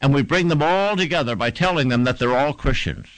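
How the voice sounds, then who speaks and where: A man's voice: medium pitch, a little fast, no room sound, low-quality recording. A man preaching a sermon, fervent and emphatic, building repeated phrases to a climax.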